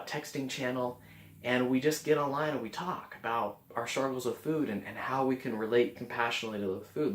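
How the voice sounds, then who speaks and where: A man talks casually to the camera, earnest and a little rambling, restarting his phrases as he goes. His voice sits in a middle register. The sound is roomy, with a noticeable echo off the walls. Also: medium pitch. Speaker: vlogger.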